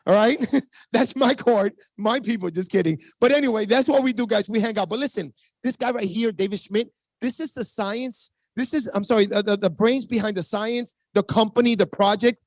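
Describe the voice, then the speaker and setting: A man in his fifties with a Spanish-accented English, giving an energetic sales pitch to a team on a video call, hyped and full of asides to the audience. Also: normal speed, dry recording. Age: 50s. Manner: hyped, talks straight to the audience, many asides. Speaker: network marketing presenter.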